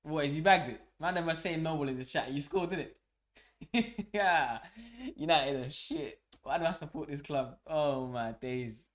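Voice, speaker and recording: A young man hosting a live football watch-along, swearing and shouting at the match as it unfolds. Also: fairly high pitch, normal speed. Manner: swearing, excitable, shouts at the game. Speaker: fan channel host.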